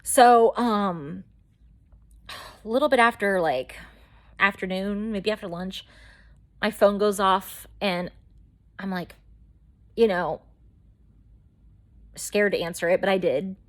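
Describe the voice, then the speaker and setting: A woman's voice: mid-range voice, slow pace, pauses often. A woman vlogger telling her own story in a chatty, rambling way with lots of fillers. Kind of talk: casual storytelling to camera.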